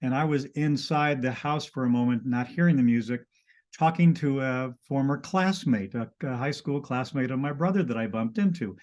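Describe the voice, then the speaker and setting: Guest storyteller, man, mid-range pitch, halting and full of restarts. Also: darkish tone. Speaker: guest telling a personal story. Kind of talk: casual conversation.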